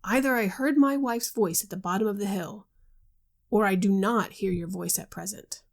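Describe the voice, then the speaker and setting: A woman reading the part of a grave young husband troubled by a mysterious voice, in a measured, earnest way and in her own voice. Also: medium pitch, creaky, lightly acted.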